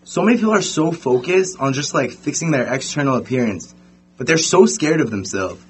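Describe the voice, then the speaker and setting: A young man telling a story in a casual podcast chat, animated and full of fillers. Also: medium pitch, fairly quick, soft background music.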